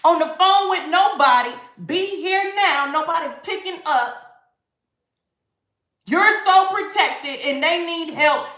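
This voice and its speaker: Bright, sassy woman tarot reader. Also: high voice, roomy sound. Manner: animated, sassy and laughing. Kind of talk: livestream tarot reading.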